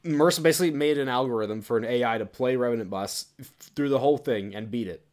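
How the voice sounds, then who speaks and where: A young American man co-hosting a casual podcast, quick and self-deprecating. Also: mid-range voice, a little mellow. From United States. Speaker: podcast co-host.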